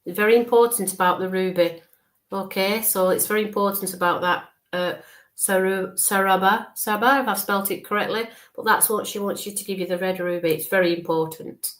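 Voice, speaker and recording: Woman, spiritual medium, live online reading, average pitch, soft and reassuring, repetitive, frequent check-ins. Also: fairly even intonation. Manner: describes visions slowly, checks in with frequent okays.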